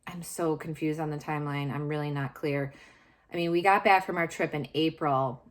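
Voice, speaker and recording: A woman with a notably low voice speaks straight to camera in a candid, confessional way. She searches for her words, circles back and restarts often. It sounds unscripted and personal. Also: steady tone, moderate pace. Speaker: vlogger sharing personal story.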